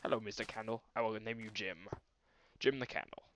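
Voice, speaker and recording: A man's voice: on the low side, fairly even intonation, a little fast. A young man commenting on his own gameplay in a silly, mock-grand voice, speaking to the animals and trees. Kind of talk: let's play commentary. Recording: noisy amateur recording.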